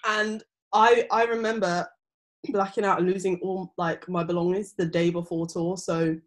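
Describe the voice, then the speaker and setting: A woman's voice: lowish voice, little pitch movement, normal speed. A woman in her twenties telling a long story in casual chat, rambling with lots of "um" and "like". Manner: rambling storytelling with many fillers.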